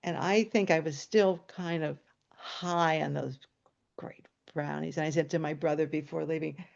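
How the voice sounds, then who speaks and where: Gravelly woman telling an animated story. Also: normal speed, lo-fi sound. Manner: animated, leaps into high excited voices for quotes. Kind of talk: personal storytelling performance.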